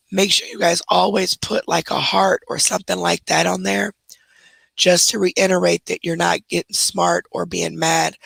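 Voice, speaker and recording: A woman with a badly hoarse, gravelly voice, rough and husky as if almost gone, chats casually on her livestream. She talks directly to her viewers and moderators. The sound is close and dry, with no room echo. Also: lowish voice, fairly bright tone. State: hoarse, nearly lost voice. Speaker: livestream host.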